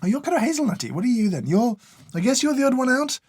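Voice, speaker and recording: A man's voice: extremely high pitch, sing-song, quick pace, a little hiss or hum. A man giving casual taste-test commentary in a dry, sardonic, mock-exasperated way. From United Kingdom. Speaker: coffee reviewer.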